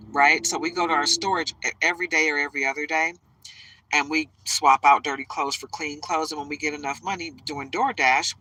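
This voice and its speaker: A woman's voice: deep voice, pushed and bright, low-quality recording. A woman who reads tarot, chatting casually and emotionally on a livestream from inside a parked truck.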